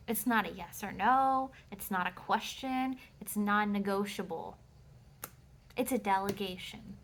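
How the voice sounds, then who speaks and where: A woman reads tarot at home in a loose, casual monologue. She is blunt and emphatic and swears freely, and now and then she reads card texts aloud. Her voice sits at a middling pitch. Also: unhurried, fairly bright tone, slight background noise. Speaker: tarot reader.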